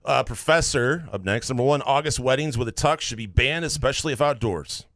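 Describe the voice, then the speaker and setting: A man co-hosting a casual sports podcast, deadpan, reading listener takes aloud and dropping low for dry asides. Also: a little fast, no room sound.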